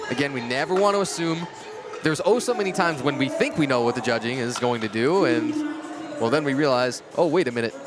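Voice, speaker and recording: A man doing lively, joking play-by-play commentary on a livestream, chatty and excitable, a bit out of breath. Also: medium pitch, brisk, loud music behind the voice.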